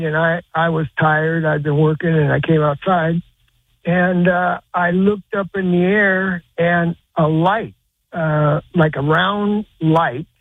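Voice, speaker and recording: An older man calling in to a radio show, telling a long story in a halting, rambling way with lots of fillers and restarts. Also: fairly high pitch, no room sound. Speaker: caller. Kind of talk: call-in storytelling. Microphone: telephone. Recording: tinny phone line.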